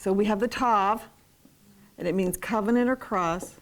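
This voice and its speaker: A woman co-teaching a class, earnest and a little halting as she explains word meanings at a board. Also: medium pitch. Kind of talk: explaining at a whiteboard.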